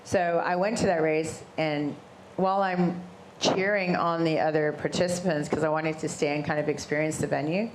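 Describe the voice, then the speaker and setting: Middle-aged woman, interview guest, lively storyteller who acts out quoted voices, low voice with faint background noise. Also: normal speed, few pauses. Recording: roomy echo with faint ambient noise.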